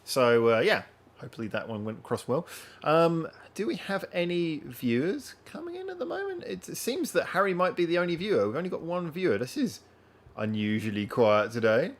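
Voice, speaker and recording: A man's voice: on the high side, sing-song, fairly quick. Guy rambling on his live stream at home, chatting right at the viewers. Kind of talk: casual live-stream chat. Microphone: wearing headphones.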